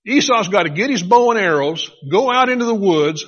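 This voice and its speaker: A man's voice: high-pitched, animated, fairly quick, long reverb tail, highs cut off, pitched above the performer's own voice. A man doing a suspicious old blind father. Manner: questioning, counting off tasks.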